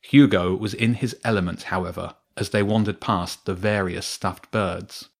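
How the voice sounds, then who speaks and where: A man calmly reading a children's story aloud as narrator. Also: sits low, normal speed, vocal fry. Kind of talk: scripted narration.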